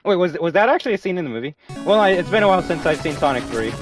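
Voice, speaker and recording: A young man live-streaming a fighting game, chatting casually with viewers, excitable and swearing often. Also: high voice, rapid-fire, far from the mic. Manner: excitable, swears often, reads chat aloud. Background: game music.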